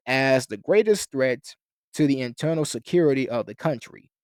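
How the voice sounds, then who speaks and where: A man delivers an explanatory history lecture in long, winding sentences, now and then restarting a phrase or adding a filler. His voice sits at an ordinary middle pitch, and the recording is dry and close, with no room sound. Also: a little mellow, no echo. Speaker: lecturer on a philosophy channel.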